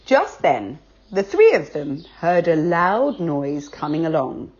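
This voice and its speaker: A woman reading a children's book aloud, expressive and unhurried. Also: low-pitched, husky, lo-fi sound.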